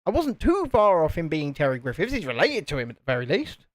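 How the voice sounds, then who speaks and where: Joking man, lively pitch. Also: fast, dry recording. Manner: joking, rambling. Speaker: co-host of a live building stream. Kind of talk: casual chat.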